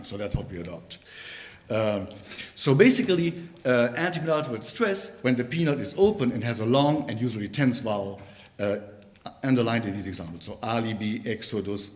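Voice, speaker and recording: Man giving a halting linguistics talk. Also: medium pitch. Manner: halting, with many fillers and restarts. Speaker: linguistics lecturer. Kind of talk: academic conference talk. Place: university lecture room.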